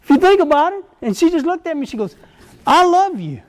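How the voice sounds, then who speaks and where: High-voiced man preaching earnestly. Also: expressive, fast, a little mellow. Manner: earnest, exhortative, repeats phrases. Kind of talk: sermon to men.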